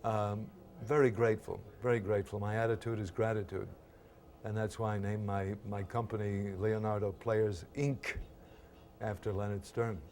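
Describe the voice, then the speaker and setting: A man in his eighties, an actor being interviewed, telling stories from his old series in a lively, halting way with many fillers. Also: on the low side. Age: 80s. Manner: animated storyteller, acts out quoted voices. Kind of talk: reminiscing interview anecdotes.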